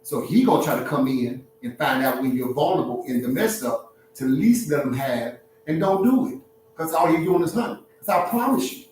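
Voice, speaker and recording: A man hosting a relationship talk, giving blunt, preachy advice to an audience in an animated, streetwise way, laughing at his own points. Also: a little high, brisk, very echoey, distant mic, slight background noise, poor audio.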